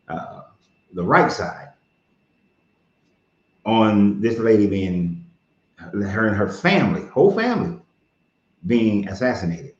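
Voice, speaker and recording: A man hosting his own show, giving blunt, profane, heated commentary in a casual tone. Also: fairly low pitch. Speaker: podcast host. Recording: roomy, dull lo-fi sound.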